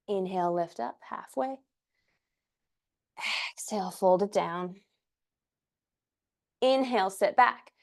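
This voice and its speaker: A young woman teaching a yoga class, cueing breaths and poses in an encouraging, playful way, a little out of breath. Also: mid-range voice. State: slightly out of breath. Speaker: yoga instructor. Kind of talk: guided yoga class instruction.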